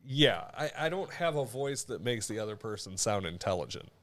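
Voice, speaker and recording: A man co-hosting a podcast in casual chat, easygoing and quick to agree. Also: on the low side, big pitch swings, fairly bright tone, no echo. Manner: agreeable, backchannels often. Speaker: podcast co-host.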